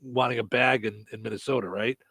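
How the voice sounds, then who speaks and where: A man's voice: medium pitch, steady tone, a little fast, gravelly, fairly bright tone, breathy edge, dry recording. A man hosting a show, telling stories in casual chat, full of hesitant fillers. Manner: chatty storyteller, hesitant fillers. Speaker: show host.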